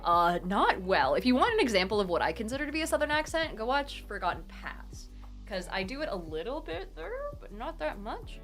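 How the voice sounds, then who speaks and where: A woman's voice: a little high, sing-song, fairly quick, a bit bright, faint music behind. A woman hosting a charity live stream, chatting casually and reading out her chat in a bubbly, gushing way as she thanks donors.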